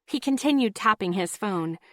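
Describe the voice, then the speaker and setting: A woman's voice: medium pitch, lively intonation, moderate pace, a bit bright, no echo, studio quality. A woman reading a first-person audiobook in a casual, lightly wry tone. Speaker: audiobook narrator.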